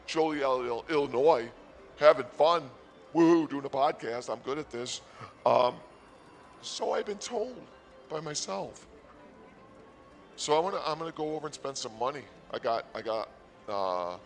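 A man of middling pitch tells a rambling, self-mocking comedy story, boasting and then poking fun at himself. He speaks from a casino while soft music plays in the background. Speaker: comedy podcast host.

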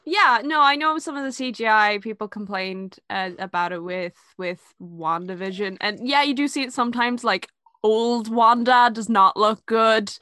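A woman's voice: a little high, normal speed, bright, forceful tone, clean tone, no echo, studio quality. A woman co-hosting a podcast, chatting casually about a TV episode, laughing easily and using fillers. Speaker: podcast co-host. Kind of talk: casual chat reviewing a TV episode.

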